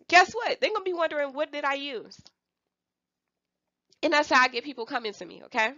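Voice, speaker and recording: A young woman coaches her viewers in a chatty, animated way, laughing often and slipping into playful voices of other people. Her voice has a gravelly edge. The recording is dry and a little dull, with no room sound. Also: high voice, quick pace, no echo. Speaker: Avon sales representative teaching online selling. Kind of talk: casual coaching talk to viewers.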